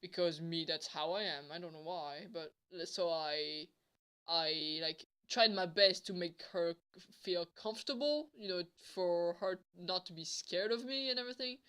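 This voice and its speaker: A woman's voice: lowish voice, moderate pace, fairly bright tone, clear, resonant tone. A woman vlogger telling a casual storytime, rambling with many fillers and some swearing.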